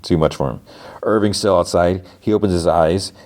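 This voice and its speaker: A man's voice: low voice, normal speed, a little mellow. A man hosting a podcast, retelling a TV episode in a rambling, casual way, full of fillers. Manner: rambling, heavy use of "like". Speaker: podcast host.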